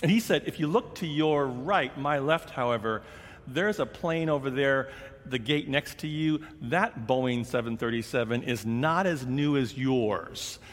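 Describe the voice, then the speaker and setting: A preacher doing a young gate agent. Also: male voice, mid-range voice, a little slow, close to an everyday voice. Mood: announcing. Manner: announcing, then nervous stammer. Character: young male airline gate agent, calm, then stammering. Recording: long reverb of a large hall.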